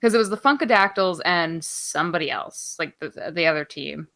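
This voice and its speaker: A woman's voice: on the low side, lively intonation, moderate pace, pushed and bright. A woman co-hosting a podcast, chatting casually through wrestling news in an offhand, rambling way, swearing freely and filling gaps with ums. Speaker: podcast co-host.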